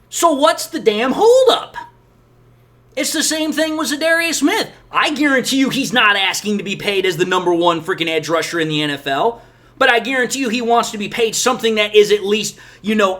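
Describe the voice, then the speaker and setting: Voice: medium pitch, a bit bright. A sports channel host giving emphatic, exasperated opinion commentary on football. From Detroit area, USA.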